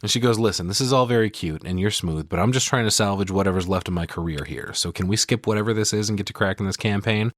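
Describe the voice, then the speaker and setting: Low-voiced man recapping a movie. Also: fast talker, hardly any pauses, no room sound, studio quality. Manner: profane, animated retelling with quoted dialogue. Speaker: podcast co-host. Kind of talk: casual movie recap chat.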